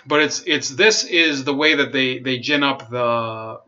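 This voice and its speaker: A man giving casual commentary, reading an article aloud and rebutting it with halting restarts and wry asides. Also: medium pitch, sharp tone. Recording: dull lo-fi sound.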